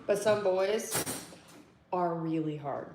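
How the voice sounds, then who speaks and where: A woman in her thirties, mother of three boys, chats and rambles casually to viewers from her home kitchen while doing chores, laughing often and using a phone mic. Her voice is lowish and slow, with background noise audible.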